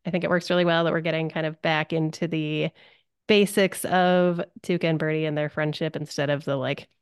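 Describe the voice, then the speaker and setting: A soft-spoken woman co-hosting a podcast, giving her thoughts on a TV episode in casual chat and laughing often. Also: deep voice, flat delivery, a little fast, clean tone, no room sound, clean studio sound. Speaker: podcast co-host.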